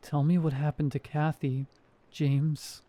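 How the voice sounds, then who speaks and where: A man doing a gruff, possessed woman. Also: on the high side, little pitch movement, measured pace, mellow, close to an everyday voice. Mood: eerie. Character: possessed young woman patient speaking gruffly.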